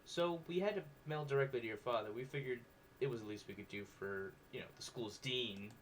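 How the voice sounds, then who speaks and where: A man's voice: medium pitch, brisk, slight background noise, natural voice. A man voicing a smug male school dean with a formal, announcing manner.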